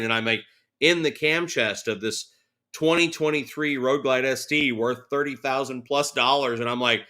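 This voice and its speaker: Bright-voiced man telling bike stories. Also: mid-range voice, moderate pace. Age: 40s. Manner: animated storyteller, laughing, acts out quotes. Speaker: guest. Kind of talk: casual interview.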